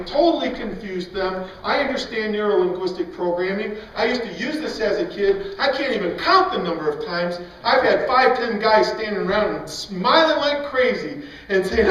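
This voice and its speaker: Animated man preaching in echoey hall. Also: high voice, moderate pace, hardly any pauses. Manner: animated, emphatic, often laughing. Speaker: speaker at a Christian event. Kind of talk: storytelling talk. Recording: echoey hall, mic far off, dull sound.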